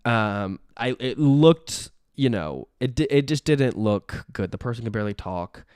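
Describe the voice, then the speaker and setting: A young man doing a rambling comic monologue, deadpan and self-pitying, sometimes cracking up at himself. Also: mid-range voice, unhurried, smooth, no room sound, studio quality. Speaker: comedian.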